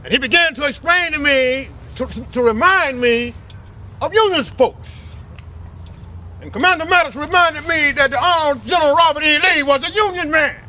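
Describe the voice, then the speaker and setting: High, bright-voiced man preaching outdoors. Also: normal speed. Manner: preacher-like call and response. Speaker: speaker at a flag ceremony. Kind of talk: impassioned public speech. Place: outdoors at a cemetery ceremony.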